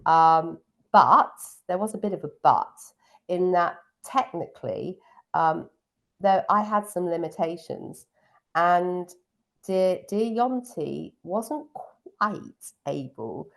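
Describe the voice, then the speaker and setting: A woman's voice: fairly low pitch, lively intonation, slow, vocal fry, a bit bright. A middle-aged woman, a piano teacher, chatting fondly about her student days in an interview, with many ums. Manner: fond, reminiscing, frequent ums. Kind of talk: casual interview chat.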